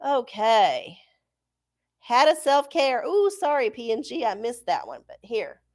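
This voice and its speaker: A woman's voice: a little high, very animated, measured pace, a little mellow. Chatty, profane woman host. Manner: profane, laughing, chatty with viewers. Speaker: livestream host. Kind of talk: casual live-chat talk.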